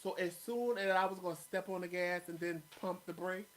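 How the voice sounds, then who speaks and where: A man's voice: sits high, fairly quick, rough recording. Blunt, profane man telling a story. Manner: blunt, profane, animated retelling. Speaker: co-host. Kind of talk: casual storytelling.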